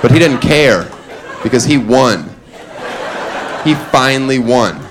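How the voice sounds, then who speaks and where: A man's voice: medium pitch, lively intonation, slow pace, noisy background. A man doing a stand-up comedy routine on a club stage, brash and self-mocking, with the audience laughing and chattering around him. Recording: live club with crowd laughter.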